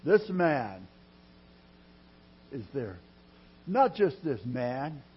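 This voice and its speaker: A man preaching a sermon in a dramatic style, dropping to a hush and then rising loud, drawing his words out slowly. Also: medium pitch, very animated, slightly rough. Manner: dramatic preaching with sudden loud rises and quiet drops; slow, drawn-out delivery. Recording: dull lo-fi sermon recording.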